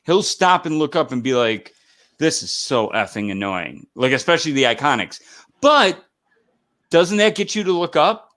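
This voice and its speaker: Bright-voiced rambling male host. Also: fairly high pitch. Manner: rambling, animated, quick asides. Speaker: podcast host. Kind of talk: casual chat.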